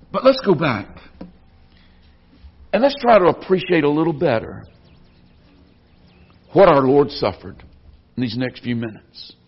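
A man with a high, husky voice preaches a sermon with earnest conviction. His voice swells when he quotes scripture. The recording is dull and lo-fi. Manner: earnest, rising in volume when quoting scripture. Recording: dull lo-fi sound.

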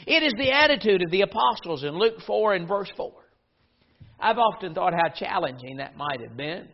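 A man's voice: high voice, highs cut off. A man preaching a sermon to his congregation, earnest and rising to emphatic declarations.

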